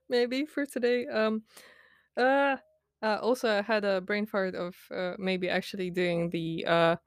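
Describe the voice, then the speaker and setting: A woman's voice: mid-range voice, dry recording, clean studio sound. Young woman rambling, laughing diary rant. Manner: rambling, full of "like" and fillers, laughs often; self-mocking, candid. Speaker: podcast host.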